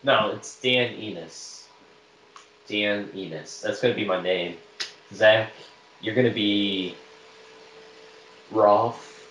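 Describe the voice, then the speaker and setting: A man's voice: fairly low pitch, slow pace, pauses often, a bit bright. A man hosting a podcast and making prank calls, improvising with many hesitations and restarts. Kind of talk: casual chat. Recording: echoey room with faint background noise.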